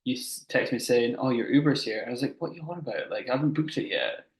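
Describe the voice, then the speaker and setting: A young adult man co-hosting a podcast, talking in a relaxed, conversational way. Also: mid-range voice, quick pace, roomy sound, low-quality recording. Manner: relaxed, conversational, backs up his partner. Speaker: podcast co-host. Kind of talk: casual chat.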